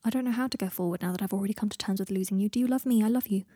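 A woman voicing a soft-spoken, weary young man. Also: medium pitch, very fast, slightly rough, dry recording, studio quality, natural voice. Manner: soft, subdued, often near a whisper.

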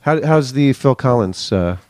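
A man's voice: mid-range voice, animated, a little slow, a little mellow, no echo. A male podcast co-host reading a listener letter aloud with wry asides in casual chat.

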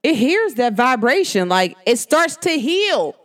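Podcast host, woman, New York–New Jersey accent, casual and emphatic, slangy monologue with wide pitch swings. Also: big pitch swings, measured pace.

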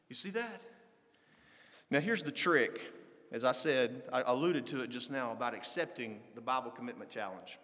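A male pastor preaching a sermon, swinging between loud, fervent passages and low conversational asides. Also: lively intonation, moderate pace, long reverb tail.

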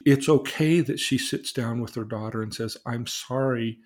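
A man, a therapist, telling a client's story in casual conversation and acting out the quoted lines. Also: normal speed. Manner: animated, acts out quoted dialogue with rising pitch. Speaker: therapist, podcast host.

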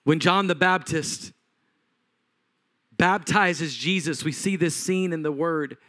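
A man preaching from the pulpit in a fairly high voice. He tells the story with animated swings, rising loud and then dropping to a hush. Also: slow pace. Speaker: pastor. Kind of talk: sermon.

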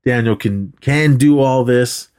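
A man's voice: medium pitch, measured pace, a little mellow, smooth. A man casually recapping a movie on a podcast, rambling and acting out the characters' lines. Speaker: podcast co-host.

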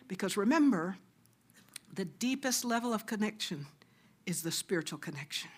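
A middle-aged woman preaching a sermon, earnest and exhorting, sometimes dropping to a hushed near-whisper. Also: medium pitch, slightly rough. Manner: earnest, exhorting, drops to soft hushed asides.

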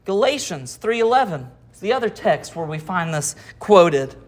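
Speaking at a normal speed with a sing-song, medium-pitched voice, the pastor works through an expository sermon. Verses are read out, then explained, followed by rhetorical questions to the audience.

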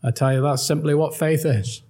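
A man's voice: on the high side, steady tone, moderate pace, mellow. A man preaching an earnest, emphatic gospel sermon and quoting old-style scripture.

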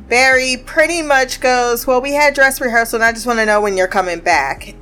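A woman's voice: mid-range voice, fairly bright tone. A woman casually recapping a TV episode, chatting and laughing often as she acts out lines from the scenes.

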